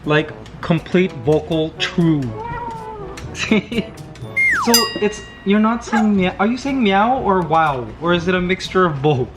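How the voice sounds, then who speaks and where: A man's voice: sits high, expressive, slow, loud music behind the voice, poor audio. A man in his thirties vlogging casually, coaxing his pet parrot in a playful baby-talk voice. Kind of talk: casual vlog talk to camera.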